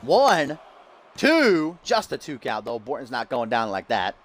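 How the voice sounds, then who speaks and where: A man doing play-by-play wrestling commentary, hyping the match with dramatic, drawn-out rhetorical questions. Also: mid-range voice, fairly bright tone, low-quality recording.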